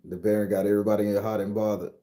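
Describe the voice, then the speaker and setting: A man from southern Florida, a spiritual reader hosting a casual live stream on his phone. He talks in a bawdy, joking, loud way. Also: fairly low pitch, level tone, racing. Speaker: spiritual reader and channel host.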